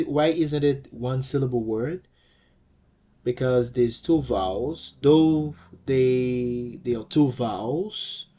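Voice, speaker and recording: A man's voice: mid-range voice, mellow. A man teaching a language lesson, explaining patiently, repeating key points and checking in with "okay?" as he goes.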